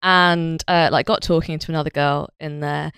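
A woman chats casually as a podcast co-host. Her voice sits a little low and is recorded very dry and close. She tells stories in a wry, animated way. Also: moderate pace, clean tone, no room sound. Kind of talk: casual chat.

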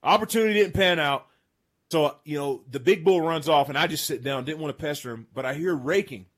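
Excitable man telling a hunting story. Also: fairly high pitch, a little fast. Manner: excited, animated storyteller with laughs. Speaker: podcast host. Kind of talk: casual storytelling among friends.

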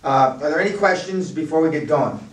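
A man's voice: a little high, fairly quick. Older man lecturing at a live seminar, blunt and rambling, full of asides. the mic sits far off and the room echoes a lot. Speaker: seminar speaker.

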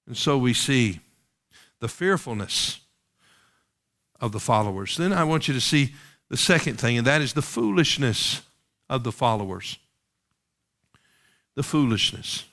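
A male preacher delivering a sermon at a mid-range pitch. He reads old King James scripture aloud and turns to the congregation again and again with pointed rhetorical questions. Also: animated, unhurried, long pauses, bright, forceful tone.

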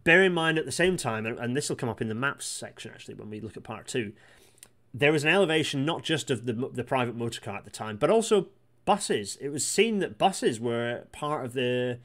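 Fast-talking man reading and commenting. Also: medium pitch, expressive, a bit bright. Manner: rapid, with many restarts and asides. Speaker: host of a live read-through. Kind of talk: casual live-stream commentary on a historical report.

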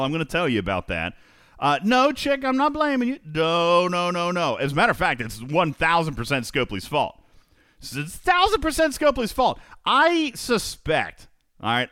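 An energetic man hosts a live gaming podcast, his pitch swinging up and down as he hammers home points by repeating them. The sound is close and dry with no room around it, and he keeps turning to address his co-host and the audience. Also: smooth, no room sound. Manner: energetic, emphatic, repeats phrases for effect.

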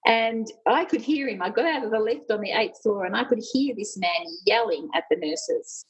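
A woman's voice: a little high, moderate pace, husky, lo-fi sound. A middle-aged woman, a union leader and former nurse, telling personal stories candidly and with animation in an interview.

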